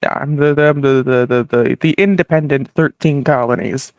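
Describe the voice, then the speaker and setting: A man with a gravelly voice playing a young male America in improvised role-play, hesitant and stammering. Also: medium pitch, steady tone, normal speed, darkish tone, dry recording, voice pushed down, natural voice. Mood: fumbling. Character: young male America, unsure colonial upstart.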